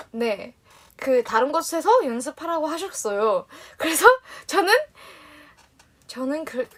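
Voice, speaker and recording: A young woman hosting a livestream, telling a story casually to fans. She rambles, giggles often and acts out other people's lines. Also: high-pitched. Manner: animated and giggly, rambling with restarts. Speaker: livestream host.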